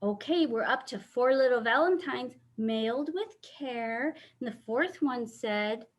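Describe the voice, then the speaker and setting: A woman's voice: on the high side, a little slow. A woman hosting a children's story time over a video call, reading a picture book aloud and asking the children questions. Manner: animated, asks children questions.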